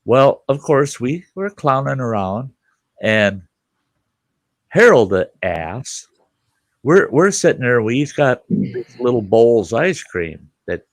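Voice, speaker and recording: A man's voice: mid-range voice, a little slow, no room sound. An older man hosting a casual chat, telling a story with lots of laughter and cursing. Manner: animated, profane, laughs through his stories. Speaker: podcast host.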